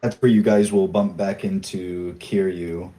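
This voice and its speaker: A man running a tabletop game as game master, calmly describing scenes and directing players. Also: sits low, a little slow, rough recording.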